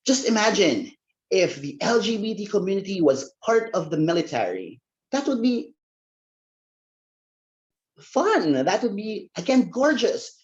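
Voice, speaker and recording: A man's voice: high-pitched, highs cut off. A man giving a humorous contest speech, playful and theatrical. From Philippines.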